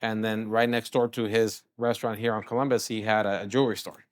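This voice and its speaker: A man's voice: lowish voice, quick pace, dry recording. Middle-aged chef guy from california, chatty storytelling, acts out the dialogue, dry close sound. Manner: animated storyteller, often acts out quoted dialogue. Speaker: chef and restaurant owner, guest. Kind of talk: casual interview storytelling.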